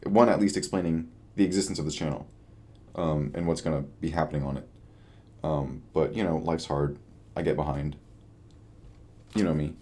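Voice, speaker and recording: A young man with a very low, deep voice chats through a late-night video diary. He sounds tired and rambles, often trailing off with a shrug in his voice. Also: fairly even intonation, normal speed, pauses often, dark tone. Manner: rambling, self-deprecating, trails off. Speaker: vlogger.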